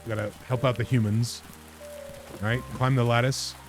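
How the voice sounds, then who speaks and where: A man's voice: medium pitch, level tone, moderate pace, music in the background. Rambling man playing a game. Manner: rambling, self-mocking, laughs at himself. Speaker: game streamer. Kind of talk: casual let's-play commentary.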